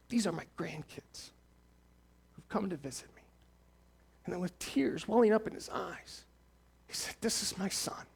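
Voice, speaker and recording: A pastor in his forties from Ohio shares a personal story during a sermon. His voice sinks low and intimate, then swells when he is stirred.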